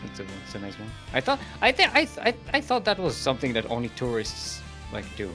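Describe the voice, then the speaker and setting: A man's voice: medium pitch, huge pitch swings, fast talker, bright, forceful tone, soft background music. A man casting a live esports match as play-by-play commentator, playful and giggly, joking between calls. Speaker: esports caster.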